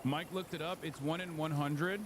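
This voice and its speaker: A man's voice: a little high, moderate pace, noisy background. A man streaming, reacting to a clip with casual, profane political commentary. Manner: animated, profane, mocking quoted voices.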